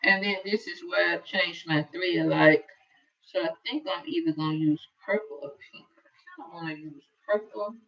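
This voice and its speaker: A woman's voice: lowish voice, normal speed, distant mic. A woman teaching a casual sewing tutorial as a quilting instructor, chatting and thinking aloud while she works. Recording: dull lo-fi sound from away from the mic.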